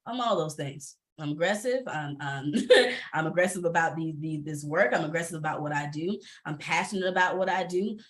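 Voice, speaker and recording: Woman panelist, lively and emphatic, laughs a lot, video call sound. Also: deep voice, a little fast. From Atlanta area. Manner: animated, laughing, emphatic repetition. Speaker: panelist, entrepreneur and former teacher. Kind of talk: candid panel talk.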